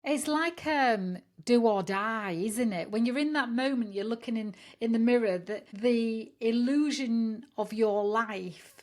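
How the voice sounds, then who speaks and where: A woman's voice: on the high side, measured pace, hardly any pauses. A woman hosting an interview, reflecting on and summing up what her guest says. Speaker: interview host.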